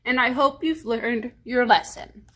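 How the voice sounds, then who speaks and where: A woman reading aloud as a wise, patient older brother pig in a children's storybook, gently. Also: a little high, unhurried. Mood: kindly.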